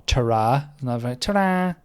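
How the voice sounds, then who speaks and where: A young man hosts a comedy podcast, talking in a loose, rambling monologue. He swears freely and pokes fun at whatever he reads out. His voice sits in an ordinary middle pitch. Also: normal speed, a little mellow.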